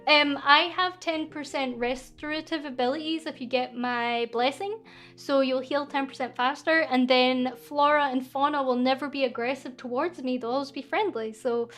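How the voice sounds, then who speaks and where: A Scottish woman casually chatting on a live stream, reading out viewer questions in an excitable, cheeky, rambling way with lots of fillers. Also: sits high, normal speed, soft background music.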